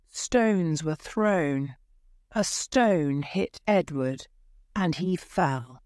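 Slow, clear woman narrating a story. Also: deep voice, no echo, studio quality. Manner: slow, careful reading with raised voices for shouted lines. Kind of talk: graded reader audiobook narration.

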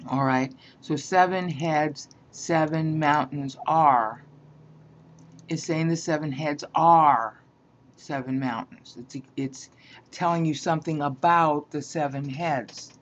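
A woman's voice: low-pitched, slow pace. A woman teaching a Bible lesson, explaining grammar point by point and often checking in with "all right?". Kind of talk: slow explanatory lecture. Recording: dull lo-fi sound.

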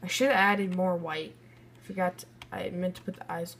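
A woman's voice: lowish voice, fairly even intonation, moderate pace, gravelly, fairly bright tone, slightly rough. A young woman casually commenting on a building game and bluntly rating other players' builds. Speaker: gaming video creator.

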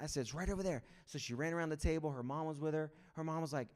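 A man, a pastor and a father, preaching a casual sermon, telling stories and acting out other people's excited lines. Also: on the high side, rapid-fire. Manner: casual storytelling with excited acted-out quotes. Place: church sanctuary.

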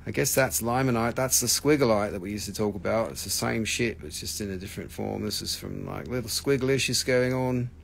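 On the low side and brisk, with vocal fry and few pauses, this US gem seller keeps up casual live sales chat as he shows his stones online. He jokes, rambles and swears, with slight background noise behind him.

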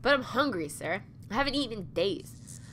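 A woman's voice: medium pitch, expressive, normal speed, a bit bright, slight background noise, close to an everyday voice. Woman voicing a timid young girl. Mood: pleading. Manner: pleading, polite.

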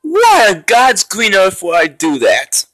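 A young man rants over a game he keeps losing, cursing and yelling in frustration. His voice is bright and sits a little high, and it swings widely in pitch. He talks at an unhurried pace in a dry, close sound. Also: very animated, no room sound. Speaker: gaming YouTuber. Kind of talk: raging gameplay commentary.

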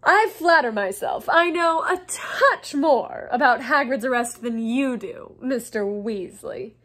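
A woman voicing a pompous, relentlessly cheerful male wizard teacher who talks down to people in a slow, loud, self-satisfied way. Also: on the high side, animated. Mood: smug, condescending. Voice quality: condescending, drawn-out and loud.

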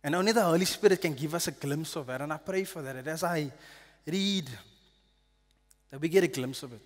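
A man preaching a sermon in a church hall, reading scripture earnestly and dropping to a hush on solemn lines. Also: fairly high pitch, a little fast. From South Africa. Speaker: pastor.

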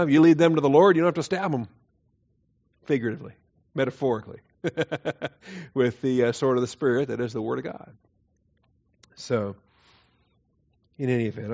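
Man teaching a hesitant Bible class. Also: medium pitch. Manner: conversational, hesitant fillers, quiet chuckles, quizzes the class. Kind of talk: doctrine class lecture with questions. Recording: dull lo-fi class recording.

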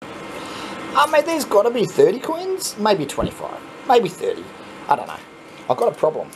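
Excitable Australian man over arcade noise. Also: high voice, moderate pace. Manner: excitable, swears when surprised, chatty asides to viewers. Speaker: coin pusher channel host. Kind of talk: casual commentary while playing. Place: arcade coin pusher machine.

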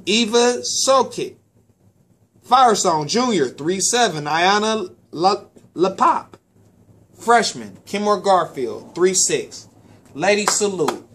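Man, sports talk host and parent, slightly high voice, loose animated delivery, repeats himself, casual shout-outs. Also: slow pace. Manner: animated, repeats words, stumbles on names.

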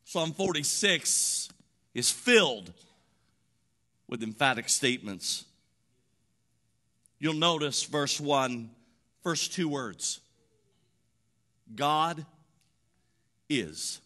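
A man preaching a sermon as pastor, using rhythmic repeated phrases and building from quiet reflection to loud emphatic preaching. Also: on the high side, animated, drawn-out words, pauses often.

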